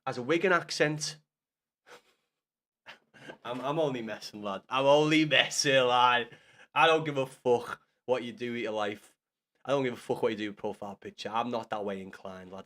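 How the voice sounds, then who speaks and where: A man's voice: fairly high pitch, fairly bright tone. Sweary young man streaming. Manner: blunt, sweary banter, teasing chatters. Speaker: livestreamer. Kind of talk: casual live-stream chat with viewers.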